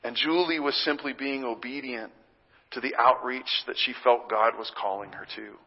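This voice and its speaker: A pastor preaching a sermon, telling a story in a lively, conversational way from the pulpit. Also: male voice, medium pitch, normal speed. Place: church sanctuary. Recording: long church reverb, muffled sound.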